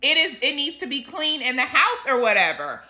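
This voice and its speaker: A woman voicing a calm, polite man who speaks his mind in a soft, reasonable way. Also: high voice, moderate pace, exaggerated voice. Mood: calm, firm.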